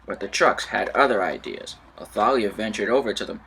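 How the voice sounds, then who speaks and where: A man narrating a toy train story with an expressive, lively reading. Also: fairly low pitch, fairly quick, creaky, few pauses, breathy edge. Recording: voice over loud music.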